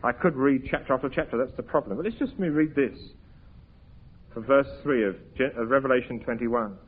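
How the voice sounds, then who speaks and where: A man's voice: mid-range voice, fairly quick, husky. A man preaching an evangelistic sermon, earnest and pleading, pressing his listeners with questions. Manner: earnest, pleading, rising to emphatic peaks. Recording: tinny, phone-like lo-fi recording.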